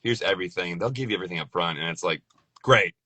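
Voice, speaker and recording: Male voice actor guest: relaxed, chatty, low-pitched, bright dry sound. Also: racing, no echo. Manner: laid-back, loose, laughs often, says "dude" and "like". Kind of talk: casual conversation.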